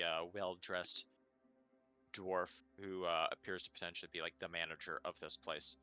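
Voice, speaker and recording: A man running a tabletop game as dungeon master, narrating casually with many pauses and fillers. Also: sits low, pushed and bright, clean tone.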